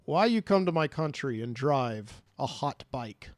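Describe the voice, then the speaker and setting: A man's voice: on the high side, lively intonation, normal speed, no room sound. A man voicing a stern male police chief who speaks broken English in a put-on accent. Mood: accusing.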